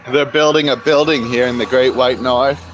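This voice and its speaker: A man's voice: medium pitch, steady tone, moderate pace, lo-fi sound, slight background noise. A man vlogging outdoors near a construction site, rambling wryly and cursing freely into a handheld camera. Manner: profane, rambling and wry. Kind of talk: casual rambling monologue to camera.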